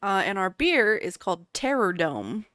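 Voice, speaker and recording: A woman's voice: medium pitch, very animated, normal speed, fairly bright tone, slight background noise. A woman co-hosting a casual podcast, chatting loosely and reading out beer details with plenty of filler words. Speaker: podcast co-host. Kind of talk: casual chat.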